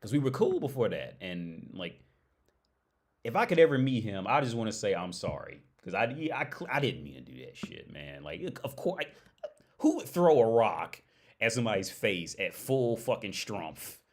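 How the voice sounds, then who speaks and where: On his livestream, a very animated man with a lowish voice tells a story at normal speed, loosely and rambling. He laughs often, swears, and keeps dropping "like" and "right?".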